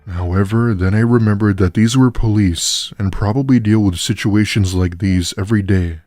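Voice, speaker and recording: A man narrating a first-person horror story in a measured, steady storytelling style. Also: on the low side.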